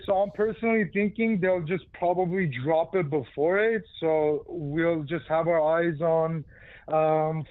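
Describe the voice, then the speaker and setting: A man's voice: sits high, no room sound. A man calling into a casual chat show, talking in a slangy, laid-back way. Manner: slangy, laid-back, says bro and dude. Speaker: caller. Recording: tinny phone line.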